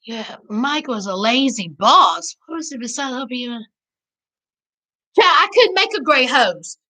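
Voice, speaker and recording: A woman with a Southern US accent hosts a casual live recap, answering chat in a sassy, animated way. Her voice sits very high. It sounds bright and forceful. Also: a little slow, low-quality recording. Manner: sassy, animated, calls viewers child and honey. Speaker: livestream host reading chat.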